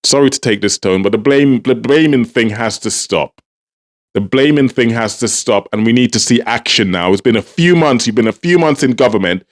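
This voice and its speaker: A man's voice: mid-range voice, expressive, moderate pace. A man giving heated, exasperated political commentary, repeating himself in frustration. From Trinidad and Tobago.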